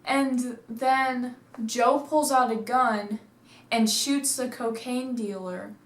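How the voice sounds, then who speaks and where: Here a woman with a somewhat high voice goes over a movie she watched, rambling through the story and saying "like" constantly. She speaks slowly with fairly even intonation, seated at home in a room with noticeable echo.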